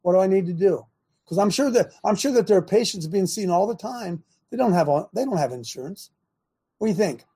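A man's voice: sits high, animated, brisk, dark tone, breathy edge. An older man hosting a talk show, speaking emphatically, repeating himself and laughing in disbelief. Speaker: host. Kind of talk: talk radio commentary.

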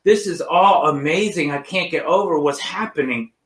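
A man's voice: a little high, normal speed, fairly bright tone, echoey room. A man sharing a personal faith testimony, emphatic and retelling conversations line by line. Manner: emphatic, retells dialogue with many "she says".

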